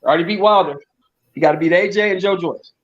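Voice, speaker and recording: A man's voice: sits high, fast, no echo, highs cut off. A man co-hosting a casual boxing chat, arguing emphatically in slang and repeating his points. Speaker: co-host.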